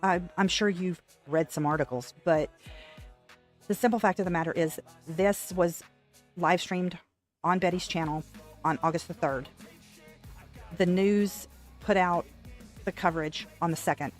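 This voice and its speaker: A woman's voice: lowish voice, measured pace, pauses often, soft background music. A woman hosting a commentary channel, cutting in with dry, sarcastic remarks.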